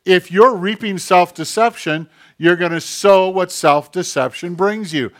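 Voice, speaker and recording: A man preaching a sermon as a pastor, emphatic and direct, dropping into hushed tones when he voices other people. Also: sits high, a little slow, hardly any pauses.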